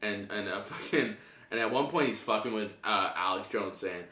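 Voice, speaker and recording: A man's voice: lowish voice, moderate pace, bright, forceful tone, echoey room. A man co-hosting a casual podcast, joking around and swearing freely in loose banter. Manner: joking, puts on silly voices, swears freely. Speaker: podcast co-host.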